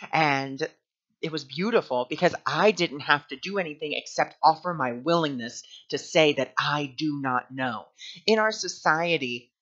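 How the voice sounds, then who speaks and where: A man's voice: fairly high pitch, bright, forceful tone. A man speaking earnestly and candidly in a spiritual teaching monologue. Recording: dull lo-fi sound.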